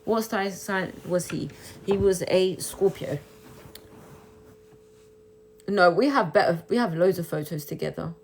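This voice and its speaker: A woman's voice: lowish voice, slight background noise. A young woman on a phone live stream, reading and answering viewer comments, shifting into taunting, indignant rhetorical questions. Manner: switches between English and Albanian, taunting and indignant; rapid, repetitive rhetorical questions. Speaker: livestreamer.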